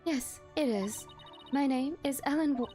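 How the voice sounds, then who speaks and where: Girl reading a prim polite young maid from a visual novel, slow and proper, highish voice. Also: mellow, faint music behind.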